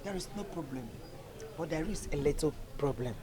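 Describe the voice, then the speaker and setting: A woman's voice: low-pitched, expressive, normal speed, dark tone. An actress with a Nigerian accent playing a worried village mother who lectures and pleads earnestly. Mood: lecturing. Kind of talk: Nollywood film drama.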